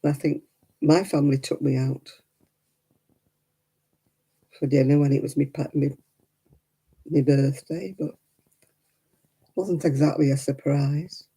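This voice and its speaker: A woman's voice: low-pitched, fairly even intonation, slow, long pauses, warm tone, breathy edge. A middle-aged woman chatting casually while knitting on a crafting livestream, cooing baby talk to her dog in between.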